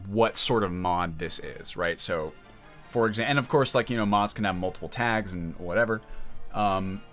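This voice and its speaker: A man's voice: fairly low pitch, a bit bright. A man streaming live in casual chat, rambling and emotional, often breaking off mid-sentence. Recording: music playing in the background.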